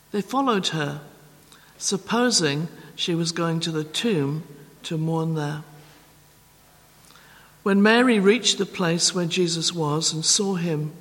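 A man reading scripture at a church service in a measured, careful way. His voice sits high and his pace is slow and deliberate. A long hall reverb hangs on each phrase. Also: a bit bright. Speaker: scripture reader. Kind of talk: Bible reading.

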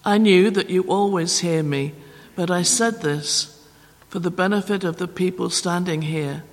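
A man reading the part of Jesus, a grown man praying aloud, calm and earnest, in a solemn, measured Bible reading. The voice sits fairly high and moves unhurriedly. It rings with a long hall echo.

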